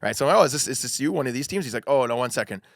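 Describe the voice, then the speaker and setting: A man's voice: mid-range voice, animated, very fast, creaky, dry recording, studio quality. A man, a podcast co-host telling a story in casual chat, acting out quotes and laughing often.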